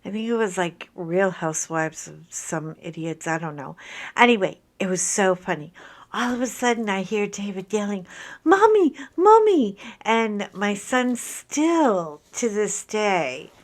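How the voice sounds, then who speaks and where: Slow, chatty middle-aged woman vlogger. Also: medium pitch. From Ireland. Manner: chatty, rambling storyteller with many asides. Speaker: craft vlogger. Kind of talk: casual chat while unboxing.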